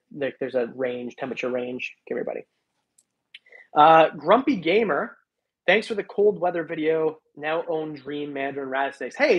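A man's voice: fairly high pitch, breathy edge, lo-fi sound. A man hosting a reptile live stream, chatting casually and rambling as he thanks viewers by name. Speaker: reptile channel host.

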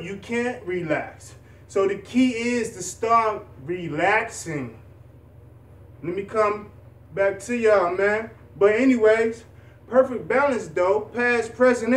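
A young male vlogger with a fairly high voice gives a motivational talk that rambles, earnest and encouraging, with frequent sentence restarts. Because he sits some distance from the mic, the room's echo is audible.

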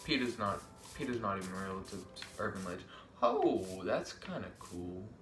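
A man's voice: low-pitched, sing-song, normal speed, fairly bright tone, far from the mic, faint music behind. A young man giving casual game commentary, joking to himself and yelping when startled. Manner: jumpy, yelps and shrieks when startled, joking self-talk. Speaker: gaming vlogger. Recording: echoey room, off-mic, noisy background.

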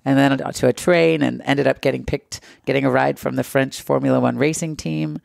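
Speaking a little fast in an extremely low, gravelly voice, a middle-aged woman from the United States recounts a travel story as an interview guest. She's a lively storyteller who performs the quoted dialogue. It's studio-quality audio with no echo.

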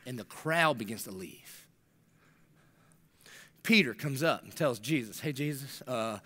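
With a medium-pitched, bright, forceful voice and lively intonation, a middle-aged male pastor preaches at a moderate pace. He tells stories with animation, performing the voices within them and adding slangy jokes.

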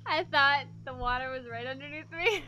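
A young woman streamer commenting on her gameplay, excitable, swearing often, shrieking and laughing. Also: high voice, normal speed, a little hiss or hum. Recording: loud game music behind.

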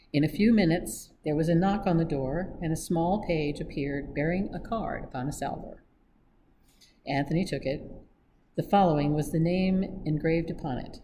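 Mellow-voiced reader narrating a novel. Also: medium pitch, a little hiss or hum, low-quality recording. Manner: steady, measured narration. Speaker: staff reader. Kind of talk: audiobook reading.

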